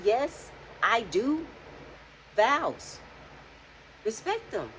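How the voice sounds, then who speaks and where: A woman's voice: low voice, lively intonation, moderate pace, a little hiss or hum, low-quality recording. A young woman casually recapping a reality show for her vlog, chatty and talking straight back to the people on screen. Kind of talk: casual reaction commentary.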